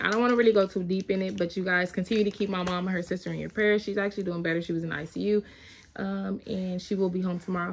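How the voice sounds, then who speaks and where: A woman's voice: medium pitch, creaky. A young woman, chatting casually in a home video diary and talking to her toddler now and then. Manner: chatty, talks to her toddler between updates. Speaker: family vlogger.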